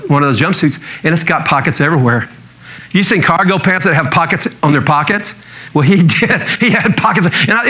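A man's voice: on the high side, bright, forceful tone, low-quality recording. A man pastor preaching a sermon in a conversational storytelling way, chuckling now and then.

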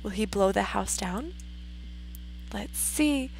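A woman teacher reading a story aloud to a class, animated and expressive, stopping to ask questions. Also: medium pitch, slow, vocal fry, long pauses, slightly rough, rough recording.

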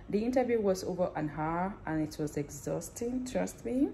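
Lower-voiced woman vlogging excitedly. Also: normal speed, slight background noise. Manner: excited, laughs often, speaks directly to viewers. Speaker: nurse and theatre manager. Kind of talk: casual vlog testimony.

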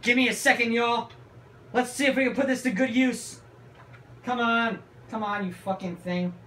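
A young adult with a nearly lost, hoarse voice gives excitable let's-play commentary, swearing loudly at the game. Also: medium pitch, moderate pace, slight background noise. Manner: loud outbursts and heavy swearing at the game. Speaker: gaming channel host. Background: game music.

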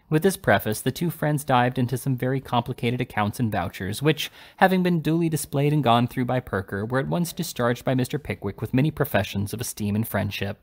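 A man reading a classic novel aloud as narrator, with a measured, steady delivery. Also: mid-range voice. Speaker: audiobook reader.

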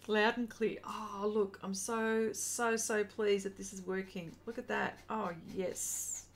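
A middle-aged woman hosting an art livestream, chatting casually, excitable and reading viewer comments aloud as she paints. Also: medium pitch, slow.

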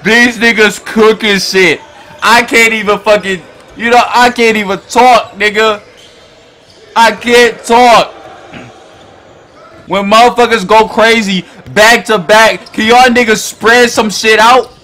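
Hyped, loud man reacting to basketball. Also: high voice, fairly even intonation, a little slow. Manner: loud, profane, hyped, often shouting at the screen. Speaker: reaction video host. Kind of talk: excited basketball reaction commentary.

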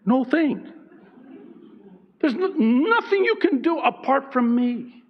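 A man preaching a sermon as pastor, emphatic and swinging between loud and hushed. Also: extremely high pitch, very animated, a little slow, phone-quality sound.

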